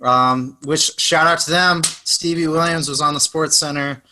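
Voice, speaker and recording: Bright-voiced laid-back young man. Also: fairly high pitch, steady tone, moderate pace, a little hiss or hum. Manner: laid-back, joking, lots of "like" and "dude". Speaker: podcast co-host. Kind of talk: casual chat.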